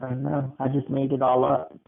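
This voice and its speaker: A young man with a brisk, gravelly, mid-range voice co-hosts a podcast with his grandmother, telling a spooky story with lots of fillers and a dramatic "dun dun dun." He sounds relaxed, and the recording has a tinny, phone-like quality.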